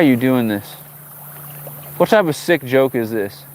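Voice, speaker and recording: A man's voice: mid-range voice, normal speed, a little mellow, a little hiss or hum. A man hosting a fishing livestream outdoors, chatting casually with viewers and joking in exasperation at the fish. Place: outdoors by the water.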